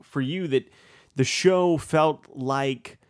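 A man's voice: medium pitch, takes it slowly. A man co-hosting a podcast who mostly adds short reactions and teasing quips. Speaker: podcast co-host. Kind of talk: casual podcast chat.

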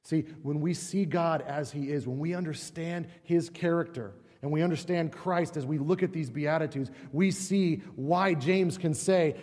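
A middle-aged male pastor with a voice on the high side and a darkish tone preaches unhurriedly in a church sanctuary. His sermon is conversational, full of rhetorical questions and acted-out quotes, and the recording carries long church reverb.

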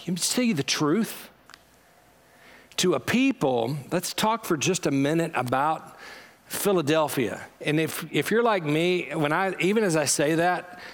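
A man with a fairly high voice delivers a sermon in a loose, conversational way. He swings between loud, emphatic readings and low, quiet asides. His talk is full of fillers and restarts. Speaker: pastor.

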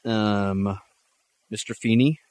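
A man's voice: on the low side, fairly even intonation, takes it slowly, darkish tone, dry recording, studio quality. A man co-hosting a podcast in casual chat, hesitant and full of ums and uhs. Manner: hesitant, plenty of ums and uhs, laughs easily. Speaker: podcast co-host.

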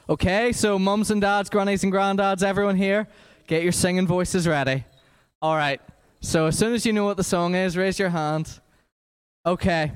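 A man with energetic, encouraging delivery leading a quiz for children in a church. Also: high-pitched. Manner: energetic, encouraging, talks to a crowd. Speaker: children's worship leader running a quiz. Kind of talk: lively church address to children. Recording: echoey church hall.

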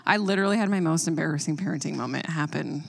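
A woman in her thirties telling a funny parenting story in casual chat, lively and expressive. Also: fast, creaky. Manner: animated storyteller, quotes herself with higher voice. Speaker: parent and co-host.

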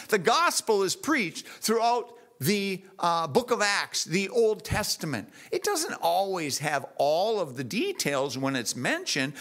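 A man preaching a sermon in church, telling stories in a lively, animated way. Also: high voice.

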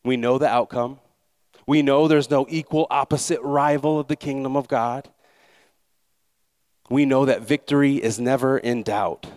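A man's voice: medium pitch, fairly even intonation, moderate pace, pauses often, a little mellow. A man pastor giving a conversational Sunday sermon in church, leading a prayer and asking the congregation to repeat after him.

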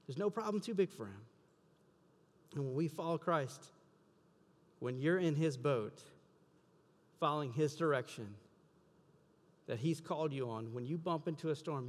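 A man preaching a sermon as pastor, building to loud, emphatic passion. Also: a little high. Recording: long hall reverb.

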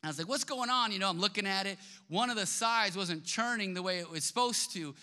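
A man preaching a sermon as pastor in a church, telling a story with lively quoted voices. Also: sits high, a little fast. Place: church sanctuary. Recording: long reverb of a large hall.

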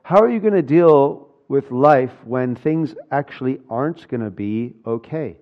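A man's voice: medium pitch, animated, unhurried, lo-fi sound. A man preaching a sermon, earnest and building to urgent, emphatic passages. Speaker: pastor.

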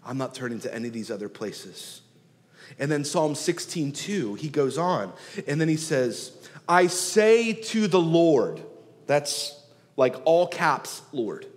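A man preaching a sermon, rising loud on key phrases and dropping soft and slow to draw them out. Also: medium pitch. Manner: swells and drops in loudness for emphasis, slows on key words. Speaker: pastor. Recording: long hall reverb.

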